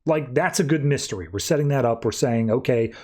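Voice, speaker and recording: A young adult man on a podcast, casually recapping a comic in a loose, rambling way and jumping into quick voices for quoted lines. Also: mid-range voice, animated, a little mellow. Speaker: podcast co-host.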